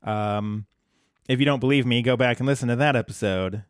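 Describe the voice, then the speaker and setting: Rambling podcast co-host, dry sound. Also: male voice, medium pitch, a little fast, clear, resonant tone, no echo. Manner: rambling, self-deprecating, many ums. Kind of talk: casual chat.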